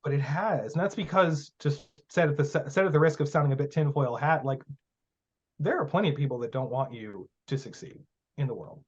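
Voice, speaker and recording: A man's voice: a little high, brisk, slightly rough. A man talking as a guest teacher of magic in a casual podcast interview, blunt and profane, telling stories with emphasis. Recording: muffled lo-fi audio.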